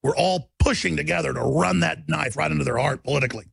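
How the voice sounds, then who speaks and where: A radio talk show host, a man, delivering an impassioned on-air rant that builds into shouting. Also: a little high, fast, vocal fry, breathy edge, no room sound, studio quality. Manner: preachy, rising to shouting.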